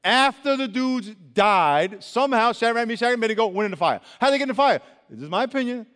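A young man preaching as a youth pastor, animated and colloquial, swinging between loud and hushed. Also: extremely high pitch, fast. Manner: colloquial, says y'all. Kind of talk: sermon. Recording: long reverb of a large hall.

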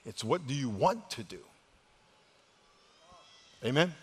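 A male pastor preaching a sermon. He leads the congregation in call-and-response, repeats words as he restarts, and moves between loud exhortation and hushed, quiet delivery. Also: mid-range voice, very animated, slow pace, husky. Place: church sanctuary with congregation. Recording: long reverb of a large church hall.

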